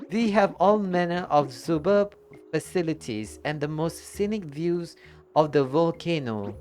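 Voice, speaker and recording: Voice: mid-range voice, pitched above the performer's own voice. A streamer reading game dialogue aloud in character, voicing a welcoming, formal lodge keeper with a put-on accent. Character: cheery lodge keeper hosting a guest by a volcano.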